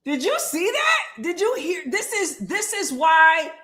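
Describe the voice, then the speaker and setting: A woman hosting a live stream, reacting to a basketball game with animated, indignant commentary and reading out viewer comments. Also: very high voice, takes it slowly. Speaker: show host.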